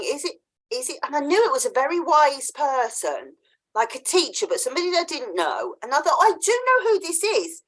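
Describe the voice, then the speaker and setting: A woman's voice: high voice, very animated, normal speed, fairly bright tone. A woman hosting a podcast interview, chatting casually and telling a story, acting out the voices she quotes and laughing often. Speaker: podcast host.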